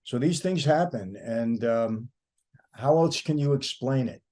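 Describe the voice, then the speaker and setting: Man, mid-pitched voice, co-host, measured and thoughtful. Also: warm tone. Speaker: podcast co-host. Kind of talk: casual chat.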